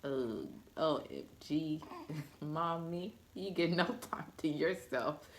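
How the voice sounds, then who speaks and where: A young woman, a new mother, chatting casually in a vlog with a deep, low voice, laughing often as she talks. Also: slow, a little hiss or hum. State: recovering after childbirth.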